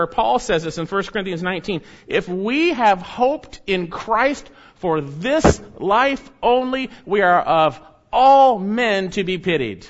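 A man preaching a sermon, stressing key words loudly and dropping to quiet, low asides. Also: dull audio. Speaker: pastor.

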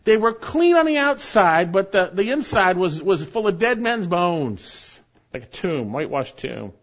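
High-pitched guy preaching in a church, real animated, repeats stuff for emphasis, muffled lo-fi recording. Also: unhurried. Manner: emphatic, repeats key phrases. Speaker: pastor. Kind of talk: expository sermon. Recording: dull lo-fi sermon recording.

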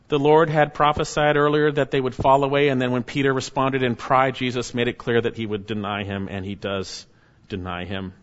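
A man's voice: mid-range voice, fairly bright tone, in a large hall, lo-fi sound. A man preaching an expository sermon, reading scripture verses aloud and then explaining them in an earnest manner.

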